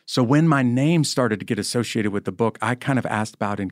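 A man's voice: on the low side, a little fast, dry recording, studio quality. Earnest middle-aged man, modest. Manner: earnest, modest, self-deprecating. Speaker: guest, former Army Ranger and chaplain. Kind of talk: conversational interview storytelling.

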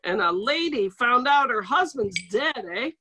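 A man's voice: very high voice, lively intonation, unhurried, pushed and bright. A man co-hosting a comedy podcast, rambling through a story a little tipsy, over a video call. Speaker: podcast co-host. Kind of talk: casual comedic chat.

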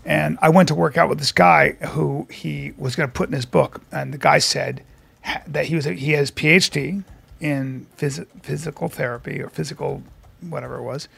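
A man with a very gravelly, rough voice that sits a little high for a man. He co-hosts a podcast and tells stories in loose, casual chat, acting out the people he quotes. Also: steady tone, normal speed, a bit bright. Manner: storytelling, acts out quoted people. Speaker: podcast co-host.

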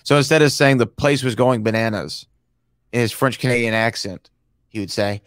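A man's voice: mid-range voice, moderate pace, no room sound, studio quality. A man co-hosting a podcast in casual chat, joking and telling playful stories. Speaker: podcast co-host.

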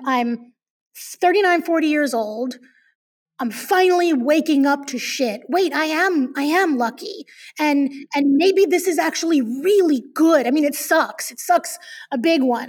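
A woman in her forties, a podcast guest, telling her own story in a frank, animated, often profane way. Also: high voice, recorded from a distance. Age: 40s. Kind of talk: candid conversational storytelling.

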